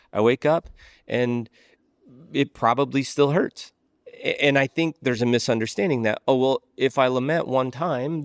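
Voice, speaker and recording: A man's voice: mid-range voice, no echo, studio quality. A man speaking as a guest pastor, explaining ideas earnestly in a conversational way and often restarting mid-thought.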